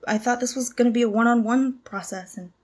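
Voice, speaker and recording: A woman's voice: fairly high pitch, fairly quick, breathy edge. A woman in her twenties playing a nervous young cult initiate who stammers, apologizes and tries hard to please. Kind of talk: audio drama monologue.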